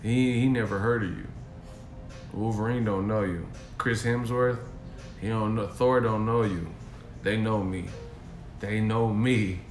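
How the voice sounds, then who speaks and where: A man's voice: on the low side, steady tone, measured pace, faint music behind. Profane, mocking male streamer. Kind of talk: casual rant. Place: hotel room. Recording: echoey room.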